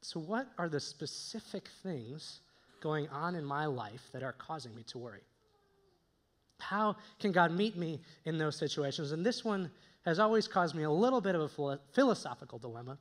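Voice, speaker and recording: A man's voice: fairly high pitch, very animated, normal speed. A young man preaching a conversational sermon, with joking asides to his listeners. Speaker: pastor.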